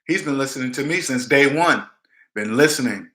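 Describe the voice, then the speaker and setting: A man's voice: medium pitch, moderate pace, pushed and bright, roomy sound. A man giving blunt, emphatic money advice in a casual chat, repeating his points and acting out the people he quotes. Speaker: debt advice vlogger. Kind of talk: casual live-stream advice talk.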